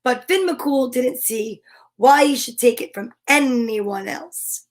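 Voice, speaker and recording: A woman's voice: on the high side, slow pace. A woman hosting a children's storytime, reading a storybook aloud playfully and animatedly, with chatty asides. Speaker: storytime host.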